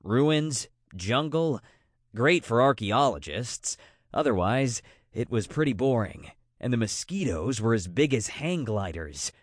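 A man's voice: mid-range voice, lively intonation, a little slow, dry recording. A male narrator voicing a bored, restless grown man who jokes wryly with his friends, close to his own voice.

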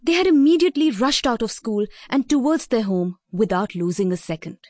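A woman reads a scripted children's audio story aloud in a steady, expressive way. Her voice sits fairly high, and the recording is dry and close. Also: brisk, dry recording. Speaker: narrator.

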